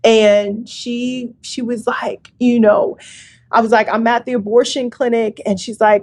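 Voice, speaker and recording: A woman's voice: a little high, flat delivery, unhurried, a little mellow. Young woman telling a personal testimony. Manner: emotional, many fillers like "like". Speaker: guest.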